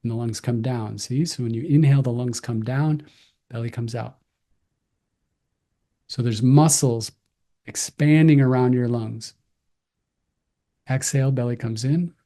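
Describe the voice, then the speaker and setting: A man giving slow, calm, gentle breathing cues as a breathwork instructor. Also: medium pitch.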